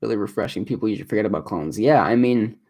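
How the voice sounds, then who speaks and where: A livestreamer and video creator talks from his apartment as he builds, reading out viewer comments and rambling in a casual way. His voice is lowish and darkish, and he speaks at a racing pace.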